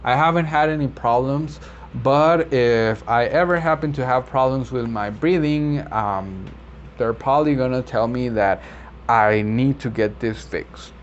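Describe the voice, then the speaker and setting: A man who works as a medical interpreter, explaining vocabulary in a relaxed, rambling way with many fillers and self-corrections. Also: mid-range voice, measured pace. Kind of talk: casual explainer video. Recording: slightly dull lo-fi audio with faint background noise.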